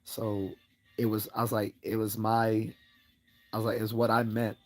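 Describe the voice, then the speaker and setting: A man's voice: little pitch movement, moderate pace. A man hosting a livestream, telling a rambling personal story in a casual way, laughing often and raising his voice to act out what people said. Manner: rambling, laughs often, acts out quoted lines in a higher voice. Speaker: livestream host.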